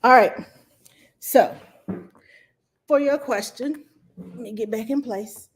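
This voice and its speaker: A woman's voice: fairly high pitch, slow pace, long pauses. A middle-aged woman working as a nanny, answering viewers' parenting questions on a live stream in a chatty way, greeting people by name and explaining things step by step. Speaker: nanny giving parenting advice.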